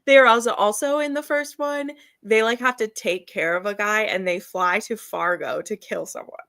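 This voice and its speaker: A woman's voice: medium pitch, moderate pace, fairly bright tone, no room sound. A woman hosting a live reading stream, chatting casually and laughing often as she gushes about books. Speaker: readathon host.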